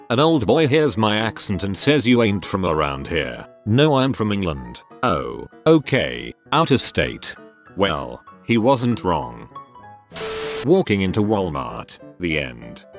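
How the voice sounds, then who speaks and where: A man narrating online posts as scripted storytelling, with a lively delivery. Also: fairly low pitch. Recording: faint music bed behind.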